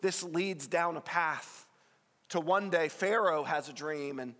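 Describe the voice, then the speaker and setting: A man's voice: a little high, slow pace, a bit bright, big-room sound. A male pastor giving an earnest, conversational sermon, rising with emphasis on key points.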